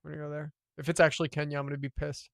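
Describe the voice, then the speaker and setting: A man streaming live gameplay, commenting as he plays, boastful and profane, swinging from loud excitement to low muttering. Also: very fast, gravelly, no room sound, studio quality.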